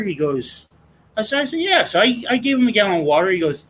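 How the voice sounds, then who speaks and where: A man's voice: sits high, big pitch swings, fast talker, fairly bright tone, slight background noise, poor audio. A middle-aged man, a guest sharing his testimony in an earnest, impassioned, rambling way. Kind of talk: casual conversation.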